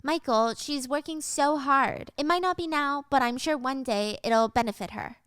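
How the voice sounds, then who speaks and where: Woman doing a shrill sugary schemer. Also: moderate pace, fairly bright tone, no echo, clean studio sound. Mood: syrupy. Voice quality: high sugary put-on voice. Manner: fake sweet, cooing. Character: shrill two-faced young woman schemer.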